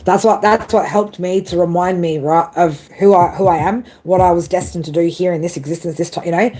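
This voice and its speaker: A woman's voice: fairly low pitch, fairly even intonation, brisk, mellow. A woman giving a casual live tarot reading, rambling and profane, tagging her sentences with "right?" and "man" and breaking into laughs. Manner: frequent laughs and self-corrections. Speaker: tarot reader.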